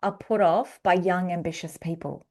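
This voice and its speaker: A woman's voice: on the low side, fairly even intonation, normal speed, a little mellow. A middle-aged woman hosting a podcast interview, affirming her guest often and sharing her own views. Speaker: podcast host.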